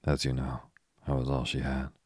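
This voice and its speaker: Brief: a man voicing a gloomy, honest young ex-soldier in a storybook, very low, husky voice. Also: no echo, clean studio sound. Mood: glum. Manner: soft, even, unhurried reading.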